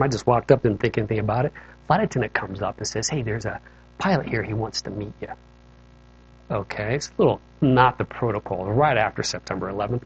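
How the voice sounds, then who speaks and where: A man's voice: mid-range voice, husky. A man telling a personal testimony to an audience in a conversational storytelling manner, often checking in with asides. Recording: slightly dull lo-fi recording.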